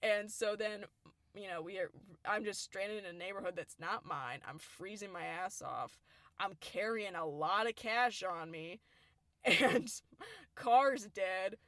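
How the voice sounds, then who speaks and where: A woman's voice: mid-range voice, measured pace, fairly bright tone, dry recording. A young woman, co-hosting a podcast, telling a story in a chatty way and laughing often. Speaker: podcast co-host. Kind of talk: casual storytelling chat.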